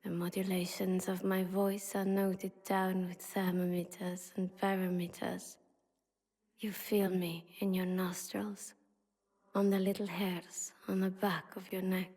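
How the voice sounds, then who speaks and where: A woman voicing the spirit of a city in a whispered role-play, speaking slowly in a breathy, intimate hush. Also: medium pitch, little pitch movement. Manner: slow, hushed and intimate. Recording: long hall reverb.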